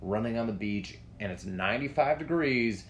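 A man spins an animated, profane story in loose chat. A faint hiss of room noise sits under his mid-pitched voice. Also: normal speed. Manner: animated, profane, acts out voices in a high yelp. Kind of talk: casual storytelling.

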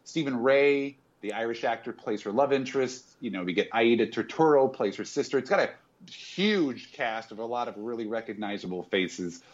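A man's voice: medium pitch, normal speed, dull audio. A man hosting a casual movie podcast. He talks chattily and stumbles over his words often. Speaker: podcast host.

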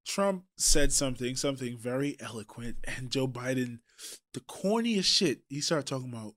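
A man from Trinidad co-hosting a casual podcast, talking in an animated way with swearing and quick asides. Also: medium pitch. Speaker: podcast co-host.

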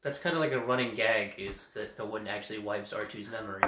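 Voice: mid-range voice, fast talker, pushed and bright. A co-host in casual chat who drops dry, joking asides. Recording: echoey room.

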